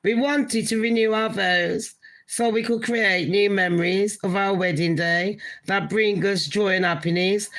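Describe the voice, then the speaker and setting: Blunt woman ranting, bright voice. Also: medium pitch, poor audio. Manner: blunt, swearing, incredulous rants. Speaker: commentary vlogger. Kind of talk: casual gossip commentary.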